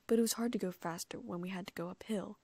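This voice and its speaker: A woman narrates an audiobook in a hushed, often half-whispered reading. Her voice is husky and gravelly at the edges, recorded dry and close. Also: medium pitch, fairly even intonation, fast talker, dry recording. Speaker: audiobook reader. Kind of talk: reading first-person fan fiction.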